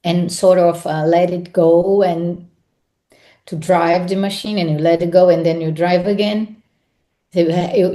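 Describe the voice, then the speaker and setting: A woman with an Italian accent reflects on her craft as a guest. Her voice sits low and warm. She stumbles and repeats words as she works through English, which is not her first language. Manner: halting, repeats words while searching for English. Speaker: actress, podcast guest. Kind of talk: reflective interview answers.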